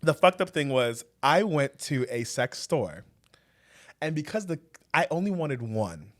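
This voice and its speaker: A man co-hosting a podcast, telling a story in a casual, animated way and often breaking into laughter. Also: a little slow. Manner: animated, laughing, swings loud and high when telling the story. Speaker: podcast co-host.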